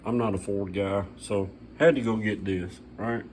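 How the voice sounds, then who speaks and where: A man's voice: on the low side, steady tone, normal speed, very noisy. A middle-aged man, hosting his own channel and talking casually to the camera in his home shop, blunt, rambling and folksy. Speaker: channel host.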